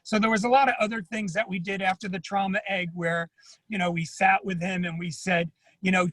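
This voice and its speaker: A man's voice: high-pitched, fairly even intonation, fairly quick, a bit bright, no room sound, poor audio. A man speaking as an addiction therapist at an online symposium, earnest and personal, often repeating himself. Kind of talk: panel talk at an online symposium.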